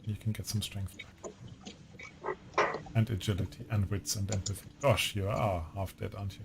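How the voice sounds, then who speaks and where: A man running a tabletop game as game master, giving relaxed, unhurried rulings with fillers. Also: on the low side, creaky, very noisy.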